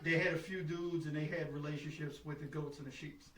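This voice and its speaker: A man's voice: fairly high pitch, fairly even intonation, a little fast, noisy background. A man hosting a casual podcast chat, telling prison stories with many stammered restarts. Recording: roomy, from a distance.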